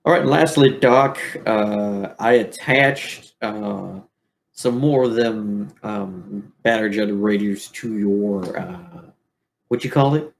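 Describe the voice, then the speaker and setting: A man voicing a chatty male robot officer who hands out gear and a mission, talking in a halting way with many ums. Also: fairly low pitch, gravelly, a little hiss or hum. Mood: cheerful. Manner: rambling, halting, full of ums.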